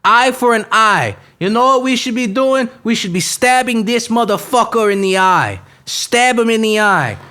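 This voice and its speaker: A man doing a hot-tempered champion of the police, bellowing a self-righteous tirade. The voice sits well above his usual pitch and swings widely. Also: animated, unhurried, fairly bright tone. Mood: furious.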